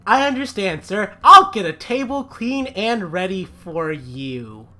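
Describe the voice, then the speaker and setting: A man's voice: sits high, big pitch swings, measured pace, sharp tone, soft background music, exaggerated voice. A humble tavern servant in a tabletop fantasy game, voiced by a man. He sounds meek and eager to please, with a slightly raised, polite voice. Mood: apologetic. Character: apologetic male tavern servant.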